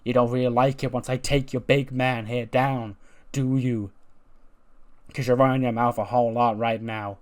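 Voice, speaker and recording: A man's voice: mid-range voice, level tone, normal speed, natural voice. A man voicing a cocky male wrestler who taunts a fleeing rival, raising his voice. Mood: taunting. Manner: loud, taunting.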